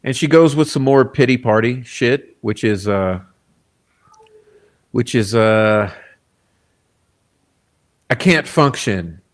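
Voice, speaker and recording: A man's voice: mid-range voice, fairly even intonation, slow, pauses often. A man giving blunt, combative true crime commentary, often breaking in with "okay?" asides. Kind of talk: casual commentary reading quotes.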